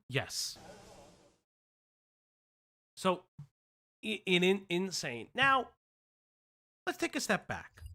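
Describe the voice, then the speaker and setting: A stream host from the United States giving excitable casual commentary, swearing and restarting sentences. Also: medium pitch.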